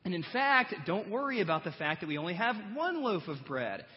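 A man voicing an exasperated male teacher who pleads with his slow followers, retold in a sermon. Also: sits high, big pitch swings. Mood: reassuring. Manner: pleading, incredulous, stressing each question. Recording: dull recording with long hall reverb.

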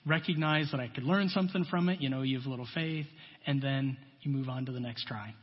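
A man's voice: medium pitch, fairly quick, slightly rough. A man preaching a sermon in a conversational, folksy way, full of asides and plain talk. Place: church. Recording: dull long-reverb church hall.

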